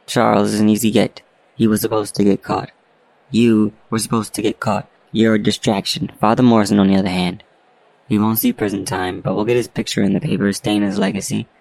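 A gruff, worn-out police chief who lectures bluntly and cynically, voiced by a man reading a storybook. His voice is low and gravelly, recorded dry and close. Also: level tone, a little fast, darkish tone, dry recording, rough recording.

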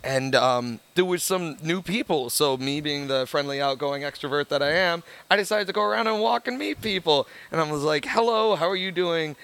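A man co-hosting a casual chat, telling animated stories and acting out quotes, with loose swearing. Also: fairly high pitch, normal speed, creaky, few pauses, clear, resonant tone. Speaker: podcast co-host.

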